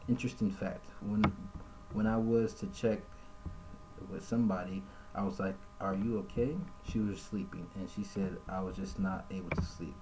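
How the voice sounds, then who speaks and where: A man with a low, dark, mellow voice gives casual live-stream commentary, reading messages aloud and raising his pitch for the quoted lines. A faint hum sits under the recording from his home setup. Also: steady tone, moderate pace, poor audio. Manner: conversational, reads quotes aloud in a higher voice.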